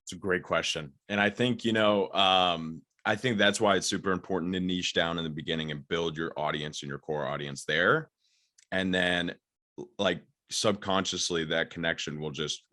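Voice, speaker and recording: Deep-voiced young man talking shop. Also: pushed and bright. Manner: eager, fast, filler-heavy. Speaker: guest, social media expert. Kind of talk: casual interview talk.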